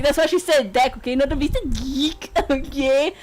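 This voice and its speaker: Giggly high-voiced woman streamer. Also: normal speed, few pauses, rough recording. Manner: giggly, chatty. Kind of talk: casual game commentary.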